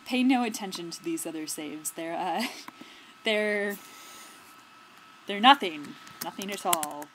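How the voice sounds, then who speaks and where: A woman's voice: on the low side, lively intonation, slow pace, long pauses, a bit bright, slight background noise, poor audio. A young woman hosting a let's play, chatting casually with sarcastic asides. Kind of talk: casual game commentary.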